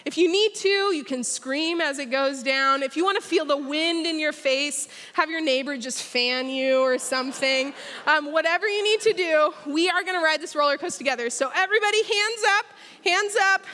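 Woman preaching in a big church, high bright voice, lots of hall echo. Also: moderate pace. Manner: energetic, storytelling, leads the crowd in a pretend ride. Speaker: speaker at church. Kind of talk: sermon. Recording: long hall reverb.

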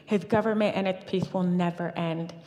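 A woman in her thirties giving a lively personal church testimony, with frequent fillers and restarts. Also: lowish voice, normal speed. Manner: animated storytelling with fillers and restarts. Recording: long reverb of a hall.

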